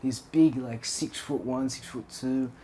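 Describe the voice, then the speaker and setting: A man's voice: mid-range voice, steady tone, unhurried, mellow, slight background noise. A young man co-hosting a podcast, telling stories in casual chat, laughing often and swearing freely. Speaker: podcast co-host.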